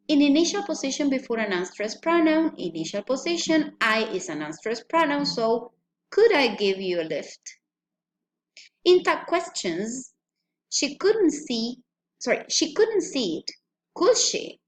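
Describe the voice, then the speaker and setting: Slow, lively-pitched woman teaching pronunciation. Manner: deliberate, checks in with a questioning "mm?". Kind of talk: slow recorded lecture.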